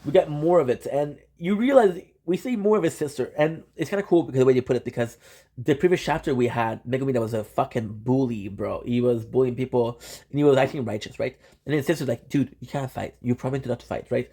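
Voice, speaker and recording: Rambling young man with a mellow voice. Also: mid-range voice, quick pace. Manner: rambling, excitable, slangy and swearing, many restarts. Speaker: channel host. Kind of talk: casual anime recap.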